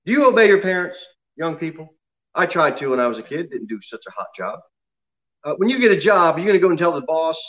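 A man's voice: fairly high pitch, muffled recording. A man preaching a sermon to his congregation in an emphatic way, often asking them questions. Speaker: pastor.

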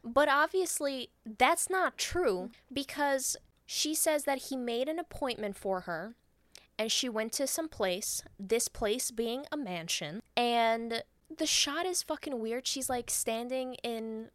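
A woman co-hosting a podcast, recapping a film in casual, animated and profane storytelling. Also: on the high side, takes it slowly, no room sound. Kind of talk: casual chat.

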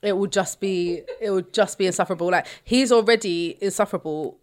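A woman's voice: medium pitch, fairly quick. A young woman, a radio DJ, telling stories in a casual podcast chat and laughing often. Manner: animated storytelling, laughing often.

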